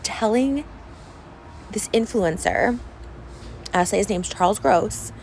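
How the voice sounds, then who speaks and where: Young woman, upset vlog rant, rambling with endless "like", medium pitch, faint room hiss. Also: animated, slow pace, creaky, darkish tone. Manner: rambling, fillers of "like", upset and venting. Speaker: vlogger. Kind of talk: unscripted vlog rant to camera.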